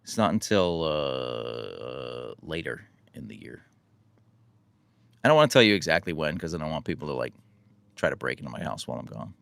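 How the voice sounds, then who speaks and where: A relaxed American man chatting with his live audience, rambling and poking fun at himself. His low voice carries a gravelly fry and swings up and down a lot as he talks. The sound is close and dry, with no room around it. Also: moderate pace, long pauses, dry recording. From United States. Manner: relaxed, rambling, self-deprecating. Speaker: livestream host answering chat. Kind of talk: casual live chat.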